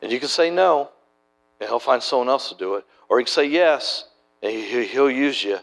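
A man's voice: medium pitch, animated, a little fast, vocal fry. Folksy middle-aged male preacher telling stories. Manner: conversational, folksy storytelling with frequent restarts. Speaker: preacher and church planter. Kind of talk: sermon storytelling.

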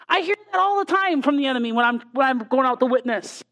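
A woman's voice: high-pitched, animated, fast, hardly any pauses, a bit bright. A woman preaching a sermon in an earnest manner, often repeating rhetorical questions to her listeners.

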